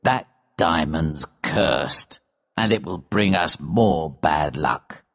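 A man doing a deep, grave friend. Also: animated, full character voice. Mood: warning. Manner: slow, low, warning.

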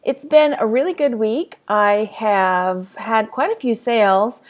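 A woman's voice: a little high, takes it slowly. A woman with a Texan accent chatting casually to camera as a reselling vlogger, rambling and laughing often, a little tired. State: tired, yawning.

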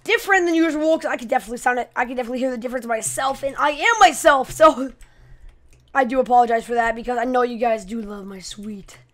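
A high-pitched woman hosts her channel with gameplay commentary, talking quickly in an excitable, chatty way and playfully trash-talking her opponents.

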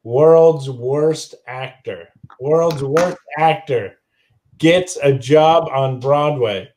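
A man's voice: fairly high pitch, drawn-out words. A man who is a comedian guest, telling jokes in a casual chat and often laughing. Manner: animated storyteller, laughs often.

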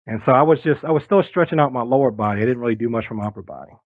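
A man in his forties, a guest on an interview show, telling stories in a lively way and acting out the voices of the people in them. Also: medium pitch, racing, no echo, narrow, tinny audio. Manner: lively storyteller who acts out quoted voices. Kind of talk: casual storytelling interview.

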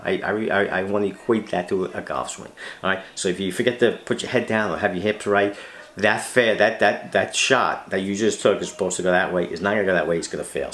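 A man's voice: deep voice, a bit bright, echoey room, a little hiss or hum. A middle-aged man, a retired police officer hosting his fishing channel, ranting emphatically with rhetorical questions and repeated words. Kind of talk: ranting monologue to camera.

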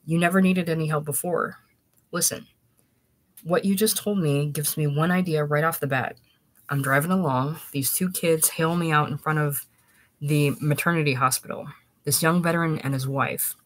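A talkative middle-aged cab driver leans in with eager, persuasive patter, voiced by a man reading a story aloud. He keeps pushing his pitch without pause. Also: fairly even intonation, lightly acted.

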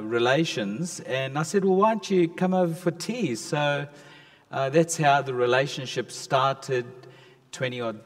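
A man, a pastor addressing his church in a chatty storytelling way. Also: medium pitch. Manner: slow, chatty storytelling with warm asides. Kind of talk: casual address to a congregation. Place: church hall. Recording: long church hall reverb.

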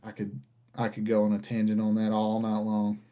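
A man's voice: lowish voice, completely flat delivery, moderate pace, highs cut off. A man hosting a casual rant, talking in an exasperated, conversational way. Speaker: podcast host.

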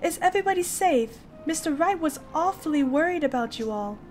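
A woman's voice: high voice, animated, a little fast, a little mellow, soft background music, pitched above the performer's own voice. A woman reading the lines of an earnest, polite young boy king in a video game.

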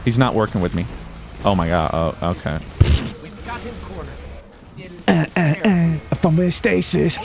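A young American man giving playful gameplay commentary, moving between mumbled asides and loud excited whoops. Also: medium pitch, unhurried, creaky, long pauses. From United States. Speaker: gaming video creator.

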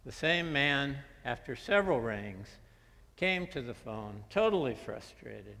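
Pastor preaching in an echoing church. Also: male voice, mid-range voice, sing-song, a little slow, vocal fry, pushed and bright. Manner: conversational storytelling with fillers. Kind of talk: sermon. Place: church sanctuary. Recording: long church-hall reverb.

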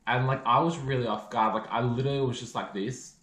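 A man's voice: medium pitch, steady tone, quick pace, a bit bright, reverberant. A young man, telling a story in a chatty vlog style, full of "like" fillers. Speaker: vlogger.

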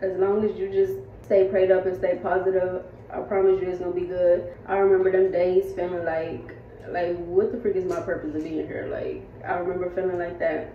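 A woman's voice: lowish voice, little pitch movement, brisk, distant mic, slight background noise. A woman, vlogging in a casual, heartfelt way and talking straight to her viewers in a rented house. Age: 20s. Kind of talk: casual vlog chat. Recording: roomy, slightly dull home audio.

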